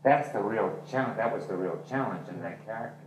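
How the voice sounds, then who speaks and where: Heard from a distance in a spacious literary hall with a little noise, a man who writes novels and works as a journalist talks candidly about his book at a reading. He speaks a bit quickly in a lowish voice, performing the characters' lines as the story unfolds.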